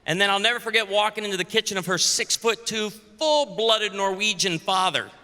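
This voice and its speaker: A man in his forties preaching from a stage, his voice high and very bright as he throws out quick jokes and calls to the crowd. It rings with a long hall echo over a faint ambient hum. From Illinois. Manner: joking, punchy, calls out to the audience. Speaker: pastor speaking at a women's conference. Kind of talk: humorous conference sermon. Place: large convention hall.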